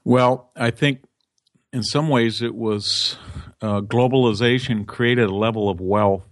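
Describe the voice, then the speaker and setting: A man's voice: mid-range voice, a little slow, dry recording, clean studio sound. A man, an interview guest, giving political commentary in a conversational way with restarts and quoted asides.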